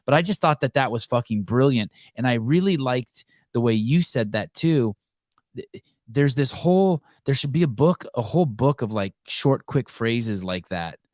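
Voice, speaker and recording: A man hosting a podcast in casual chat, excitable and swearing freely, often trailing off into fillers. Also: medium pitch, dry recording, clean studio sound. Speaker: podcast host.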